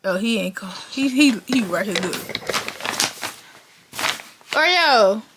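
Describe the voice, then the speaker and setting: A young woman vlogging casually to her viewers on a phone camera, excitable and chatty. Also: on the high side, takes it slowly, heavy background noise. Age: young adult. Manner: excitable, talks to viewers as y'all. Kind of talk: casual vlog chat.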